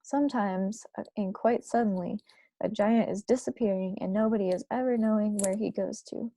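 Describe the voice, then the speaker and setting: Woman doing storybook giant: old, kindly, earnest, gravelly edge. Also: medium pitch, steady tone, moderate pace, dry recording, close to an everyday voice. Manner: garbled grammar, loud and earnest. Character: huge kindly old male giant, muddled talker.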